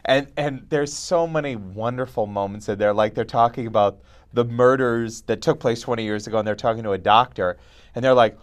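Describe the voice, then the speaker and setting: A man's voice: on the low side, moderate pace, clear, resonant tone. A man co-hosting a public access film review show, chatting casually and acting out cheesy film lines in mock voices. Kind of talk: casual group chat.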